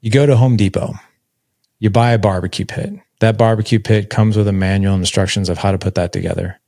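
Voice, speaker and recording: A man's voice: fairly low pitch, steady tone, fairly quick, vocal fry, dark tone, no echo, studio quality. A man in his forties telling a personal story as a podcast guest, candid and conversational, with lots of filler words. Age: 40s.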